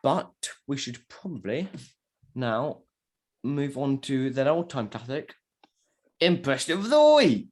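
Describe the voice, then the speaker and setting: Animated young man hosting a podcast. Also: medium pitch, slow pace, long pauses. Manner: joking, teasing, animated. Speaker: podcast host. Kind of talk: casual chat.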